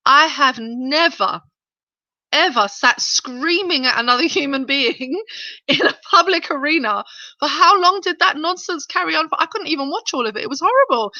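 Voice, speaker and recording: A woman co-hosting a casual opinion chat, animated and incredulous, mimicking others in quoted voices. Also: sits high, normal speed, dry recording. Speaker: podcast co-host. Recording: dull lo-fi sound.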